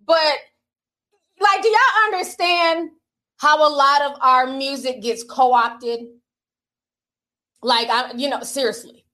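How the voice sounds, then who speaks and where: Her voice is high-pitched, bright and forceful, and she takes it slowly with frequent pauses. This entertainment commentator talks directly to her audience in a loose, chatty to-camera style, working through social media comments aloud.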